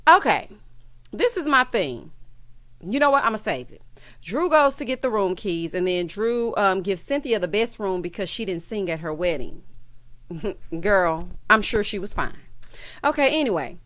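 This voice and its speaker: A woman's voice: medium pitch, moderate pace. A woman hosting a casual TV recap, sassy and dramatic, calling her viewers honey and child as she tells the story. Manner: lively storyteller, acts out quotes. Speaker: show recap host.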